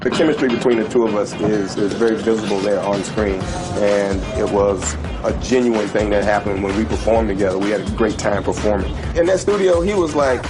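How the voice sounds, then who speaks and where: A man's voice: fairly low pitch, a little fast, hardly any pauses. A man in an interview recalling performing together with a colleague, fondly reflective. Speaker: interviewee, co-star. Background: music.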